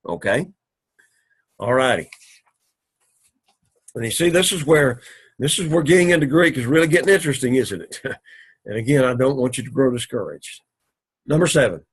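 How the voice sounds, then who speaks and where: A man teaches a Greek class in a husky, mid-range voice. He walks through each sentence slowly and patiently, often pausing with "all righty" and restarting his phrases. He clears his throat now and then as he talks. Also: mid-range voice, expressive. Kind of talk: recorded classroom lecture.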